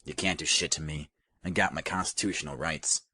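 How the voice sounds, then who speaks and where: A man's voice: rumbling low, steady tone, a little fast, sharp tone, breathy edge, no room sound, full character voice. A man voicing a cocksure, frightened male prisoner who spits profane defiance, in an audiobook.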